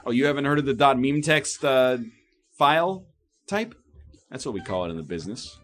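A man's voice: mid-range voice, lively intonation, normal speed, a bit bright. Wry, rambling man in his thirties. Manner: wry, self-mocking, tangent-prone. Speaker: comedic monologue host. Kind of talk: rambling comedic monologue.

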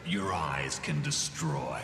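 An actor playing a cold, scheming male mutant villain in a cartoon, speaking slowly and grandly. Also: rumbling low, full character voice. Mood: menacing. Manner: slow, gravelly, grandiose. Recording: roomy reverb with score music under.

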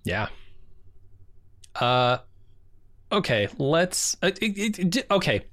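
A man's voice: fairly high pitch, sing-song, slow pace, a bit bright, no echo. A man co-hosting a podcast in casual chat, wry and joking. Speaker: podcast co-host.

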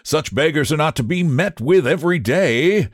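A man voicing a flamboyant male painter who speaks in loud, exclamatory bursts. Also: mid-range voice, huge pitch swings, unhurried, dry recording, studio quality, voice pushed up. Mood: exuberant. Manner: exclamatory, grandly teasing.

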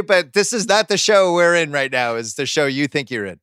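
A man hosting a podcast, riffing in casual pop-culture chat with opinionated, animated asides, close to the microphone. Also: on the high side, brisk, clear, resonant tone, no echo. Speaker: podcast host.

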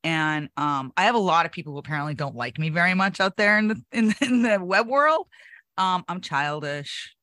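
Bright, forceful woman cohosting a political talk show, her delivery emphatic and indignant with frequent laughter. The recording is dry and close, with no room sound around her. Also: on the low side, lively intonation, moderate pace, no room sound. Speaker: co-host.

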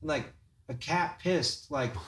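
A man's voice: fairly high pitch, measured pace, fairly bright tone, reverberant, slight background noise. A man hosting a podcast, telling a rambling story in casual chat, swearing and laughing as he goes. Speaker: podcast host.

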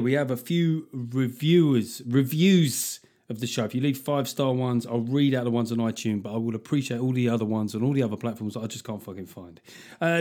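A middle-aged man hosts his podcast alone at a mid-pitched, ordinary speaking level. He rants and swears freely, and he swings into mock outrage as he reads listener reviews. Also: a little mellow. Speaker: podcast host. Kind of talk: casual comic monologue.

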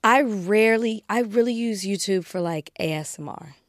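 A woman co-hosting a podcast, speaking in a measured, matter-of-fact way. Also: medium pitch, no echo, studio quality. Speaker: podcast co-host. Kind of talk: casual podcast chat.

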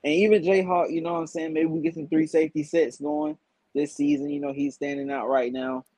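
A man guest on a podcast, giving measured sports analysis in casual chat and thinking aloud as he goes. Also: fairly high pitch, animated, gravelly, dark tone, dry recording, low-quality recording.

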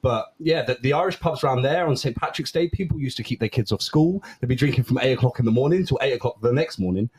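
Husky fast-talking man. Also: medium pitch, expressive, darkish tone. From Luton, England. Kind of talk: casual chat.

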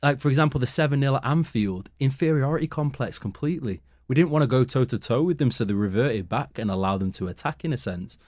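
A man's voice: mid-range voice, lively intonation, quick pace, hardly any pauses, darkish tone, no echo, studio quality. A man arguing football opinions emphatically in a casual panel chat.

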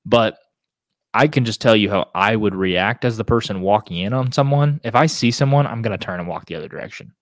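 A man's voice: on the low side, fairly quick, no room sound, clean studio sound. A man in casual podcast chat, giving direct, matter-of-fact advice.

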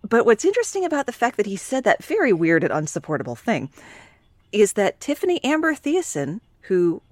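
A woman's voice: medium pitch, huge pitch swings, a little fast, no room sound. Dry, sarcastic woman co-host. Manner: dry, sarcastic, blunt put-downs. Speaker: podcast co-host. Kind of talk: casual movie recap chat.

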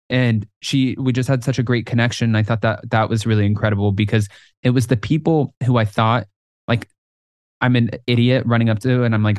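A man co-hosting a podcast in casual chat, telling lively stories and acting out other people's lines. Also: medium pitch, a little fast, no echo, studio quality. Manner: animated storyteller, acts out quotes. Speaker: podcast co-host.

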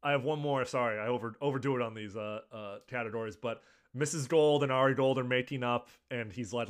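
Man, mid-pitched podcast co-host, eager and chatty. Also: fairly quick. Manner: enthusiastic, quoting lines. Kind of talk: casual podcast chat.

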